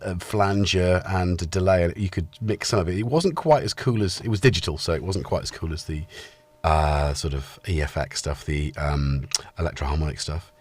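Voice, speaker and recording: Middle-aged male stream host, casual and chatty, animated voice, dry close sound. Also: on the low side, no room sound. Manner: chatty, greets viewers in chat one by one. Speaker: livestream host. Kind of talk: casual live-stream chat.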